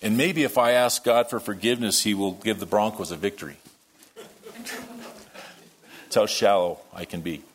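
A man preaching a sermon, telling a story that moves between quiet, hushed lines and loud, worked-up ones. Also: lowish voice, moderate pace, long pauses, slightly rough. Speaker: pastor.

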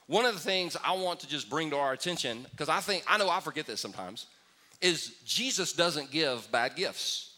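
A man's voice: high voice, bright, forceful tone. A male pastor giving a joking, conversational sermon, urging the congregation to call back in response.

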